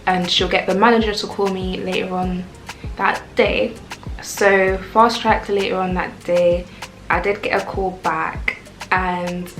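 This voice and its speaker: A young woman, telling a casual storytime rant in a chatty, animated way. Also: mid-range voice, moderate pace. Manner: chatty, animated, lots of "like" and "I was like". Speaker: vlogger. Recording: echoey room with faint music.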